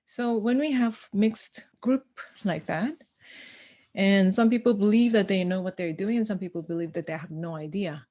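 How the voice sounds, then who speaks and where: Animated woman telling a story as a guest. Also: mid-range voice, normal speed. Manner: animated, acts out dialogue, laughs often. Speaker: podcast guest, educator. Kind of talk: conversational storytelling.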